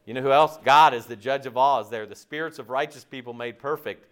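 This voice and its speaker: A man preaching a sermon in a lively, conversational way, joking and asking the congregation frequent questions. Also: medium pitch, a little fast, clean tone. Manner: asks the audience frequent questions. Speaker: pastor.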